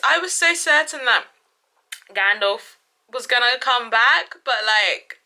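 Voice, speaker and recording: A woman vlogger reacting excitedly to a story and exclaiming often. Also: high voice, measured pace, gravelly. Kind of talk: reaction vlog.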